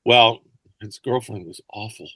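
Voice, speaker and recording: A man's voice: fairly low pitch, measured pace, fairly bright tone, slightly rough, no echo. An older man, a podcast guest, telling rambling anecdotes with plenty of fillers and restarts. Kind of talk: anecdotal interview chat.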